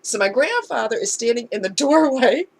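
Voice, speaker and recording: A woman's voice: on the high side, lively intonation, moderate pace, breathy edge. A woman talking candidly in a casual storytime vlog, conversational and heartfelt. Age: adult. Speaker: vlogger.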